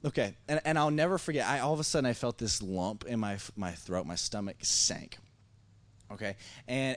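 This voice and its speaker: A man in his thirties from Missouri, preaching a sermon to a congregation as a lively storyteller who stumbles and restarts often. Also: medium pitch, moderate pace. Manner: animated, acting out dialogue, many restarts. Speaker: pastor. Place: church service before a congregation.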